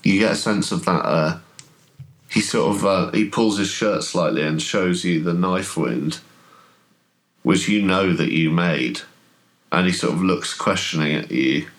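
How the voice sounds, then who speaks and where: Guy running a horror tabletop game, really low voice, lots of ums. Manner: halting, full of fillers. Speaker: game master.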